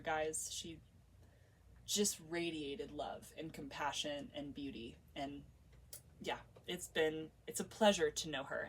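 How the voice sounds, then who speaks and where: A woman's voice: on the low side, fairly bright tone, far from the mic. Heartfelt woman telling a story. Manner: emotional, heartfelt, many filler "like"s. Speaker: vlogger. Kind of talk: casual storytelling.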